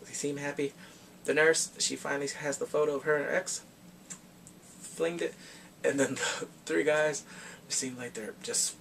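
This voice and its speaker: A man's voice: on the high side, gravelly, a bit bright, far from the mic, slight background noise. A man casually reviewing a movie, retelling scenes with animation and jumping into character voices.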